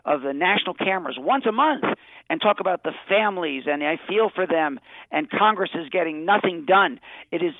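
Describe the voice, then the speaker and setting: A man's voice: fairly high pitch, dry recording. A man, a political strategist, being interviewed on talk radio, speaking assertively and rattling off statistics over a phone line.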